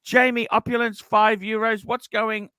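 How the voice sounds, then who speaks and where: A man's voice: sits high, little pitch movement, measured pace, pushed and bright, clear, resonant tone, no room sound. A man hosting a casual livestream, reading out donations and rambling with many restarts. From Australia. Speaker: livestream host.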